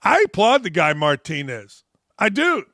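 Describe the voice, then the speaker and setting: A man's voice: high voice, wildly swooping pitch, unhurried, sharp tone, no room sound, studio quality. A middle-aged man hosting a sports talk show, ranting bluntly and profanely about the news.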